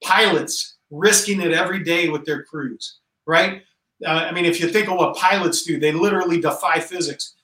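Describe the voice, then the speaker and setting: The general, a man in his forties, talks at normal speed about command as a podcast guest, his high, bright voice rising whenever he drives a point home. The interview is conversational and earnest, recorded a little distant from the mic with clear room echo.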